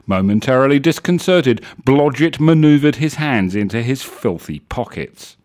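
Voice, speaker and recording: Lively man reading a story. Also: medium pitch, a little slow, few pauses. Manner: lively, wry, self-correcting. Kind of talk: reading a comic story aloud on a live show.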